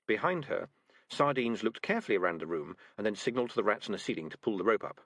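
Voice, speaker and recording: A man reading a comic fantasy novel aloud as narrator, with lively storytelling. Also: lowish voice, quick pace, dry recording. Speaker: audiobook narrator. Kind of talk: scripted narration.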